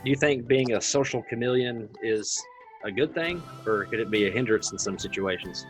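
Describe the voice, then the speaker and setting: A man with an average-pitched voice hosts a laid-back podcast conversation. He asks open questions and keeps things loose with "you know". Soft music runs faintly behind him. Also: normal speed. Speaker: podcast host. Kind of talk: casual podcast interview.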